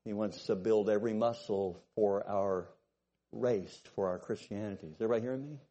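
A man preaching a sermon, telling stories and checking in with his congregation, swinging from loud bursts to low asides. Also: brisk. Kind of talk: sermon with storytelling.

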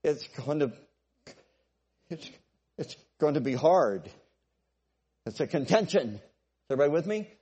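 Preaching in a very animated way, a man with a slightly high, warm and somewhat rough voice takes his time and pauses often. He speaks conversationally, restarting and repeating himself and asking if the congregation follows. The sound carries a long hall reverb.

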